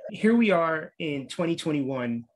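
A man's voice: fairly high pitch, expressive. A man hosting a podcast, asking long, loosely worded questions. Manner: quick, rambling questions with fillers. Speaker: podcast host. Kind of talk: interview questions.

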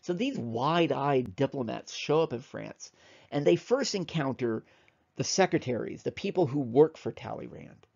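A man's voice: mid-range voice, animated, normal speed, vocal fry, a little mellow, muffled recording. A man giving an informal history lecture, talking conversationally and emphatically with frequent fillers and repeats.

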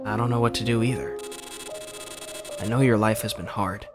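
A man playing a game and reading its dialogue aloud in a gentle, reassuring way. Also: fairly low pitch, steady tone, normal speed. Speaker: game streamer. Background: game music.

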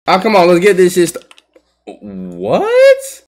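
A young man giving live commentary on a basketball video game, trash-talking and yelling at other players. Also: high-pitched, huge pitch swings, slow pace. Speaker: gaming YouTuber.

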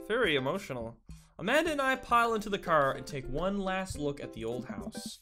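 A man's voice: high-pitched, sing-song, a little fast, sharp tone. Man reading aloud over game music. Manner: theatrical, emotive reading with asides to viewers. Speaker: gaming YouTuber. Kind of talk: let's play, reading game dialogue aloud. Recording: game music playing underneath.

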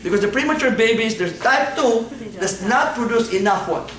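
A man's voice: very high voice, expressive, normal speed, crowd noise. A man lecturing on anatomy in a classroom, playfully quizzing his students and laughing often. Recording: echoey classroom from far off.

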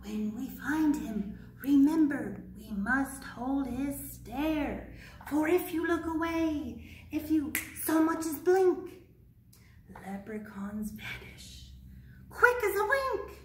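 A woman's voice: high voice, expressive, slow, a little mellow, slight background noise. A woman voicing an eager, bossy young girl giving urgent instructions, read aloud from a storybook. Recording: echoey room, mic far off.

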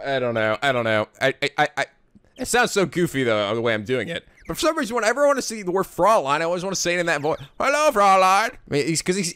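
A man hosting a let's play, giving goofy, animated gameplay commentary and laughing often. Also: fairly high pitch, smooth, no room sound, clean studio sound.

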